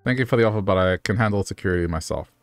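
A man's voice: low-pitched, racing, clear, resonant tone, no echo, studio quality, soft background music. Synthetic man voicing jolly old Santa, flowery and cheery. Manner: cheery, flowery storybook speech. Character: jolly old Santa Claus, warm and grandfatherly.

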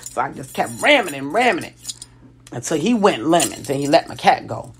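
A woman tells a story straight to her viewers, casual and animated. Her voice sits a little low, and she keeps restarting and correcting herself as she acts out what others said. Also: moderate pace, slight background noise.

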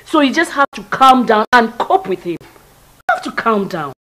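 A middle-aged actress with a Nigerian accent playing the bride's mother, who steadily calms her and gives advice. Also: on the high side, moderate pace, poor audio. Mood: calming. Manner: steady, calming, advising.

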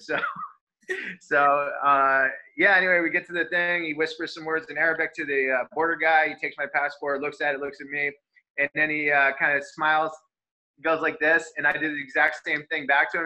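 A man's voice: on the high side, poor audio. A man from the United States, a guest on a video call, telling a travel story in casual chat full of fillers. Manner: animated anecdote-telling with many fillers.

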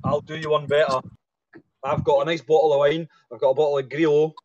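A man chatting quickly and joking as a guest. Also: on the high side, little pitch movement, a little mellow, no room sound. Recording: dull lo-fi sound.

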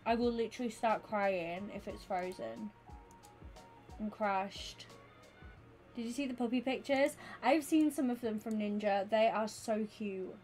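A young woman streaming live, chatting with her viewers in an excitable, rambling way. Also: fairly high pitch, measured pace, faint music behind. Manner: chatty and excitable, talks to chat by name. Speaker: Twitch streamer. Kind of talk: casual livestream chat with viewers.

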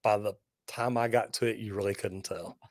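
A man hosting a live plumbing Q&A, telling lively folksy stories and joking as he reads viewer comments. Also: on the low side, moderate pace, no echo. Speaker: plumber and show host.

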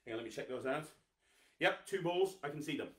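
A man hosting a live children's magic show, energetic, coaxing and teasing as he gets the viewers to clap and cheer. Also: fairly high pitch, fast, reverberant, distant mic, a crowd in the background. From England. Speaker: host, magician.

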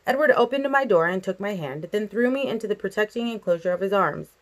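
A woman's voice: mid-range voice, fast talker. Woman casually reading a novel aloud. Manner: expressive, casual intro. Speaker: audiobook reader. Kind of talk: amateur audiobook narration.

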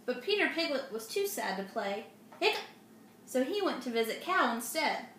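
Woman, reading a children's story aloud, expressive, high voice, echoey room. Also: moderate pace, slight background noise. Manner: expressive, asides to young listeners. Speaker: storybook reader.

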